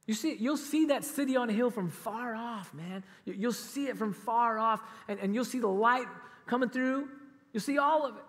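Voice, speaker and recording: High-voiced man preaching in a hall. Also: moderate pace, fairly bright tone. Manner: emphatic, conversational, with laughs and asides. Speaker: pastor. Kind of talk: sermon. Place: church auditorium.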